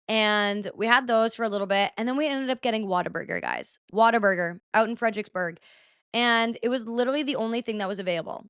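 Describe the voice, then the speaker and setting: A woman's voice: mid-range voice, clean tone, no room sound, clean studio sound. A young woman in her twenties, a vlogger chattily telling a weekend story with lots of "like". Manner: chatty, animated, heavy use of "like". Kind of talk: casual storytelling vlog.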